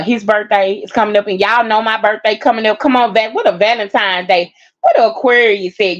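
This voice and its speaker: Tired woman chatting to her viewers. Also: mid-range voice. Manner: heartfelt, rambling, addresses viewers as y'all, laughs through tiredness. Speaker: vlogger. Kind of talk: casual personal talk to viewers. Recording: dull lo-fi sound.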